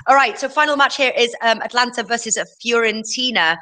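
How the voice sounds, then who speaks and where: Female host, bright tone, chatty panel lead with easy laughs. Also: on the high side, fairly even intonation, fast talker, low-quality recording. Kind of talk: casual betting panel chat.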